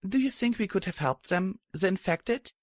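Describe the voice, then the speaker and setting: A man's voice: high voice, animated, normal speed, dry recording, clean studio sound, pitched above the performer's own voice. A man voicing a weary young mare pony in a fan audiobook, talking in tired, mumbling sighs.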